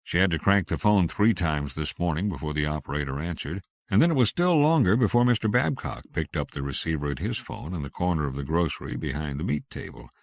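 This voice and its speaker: Deep, gravelly male audiobook narrator. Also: brisk, few pauses, no echo, clean studio sound. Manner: expressive storytelling read. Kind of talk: scripted narration.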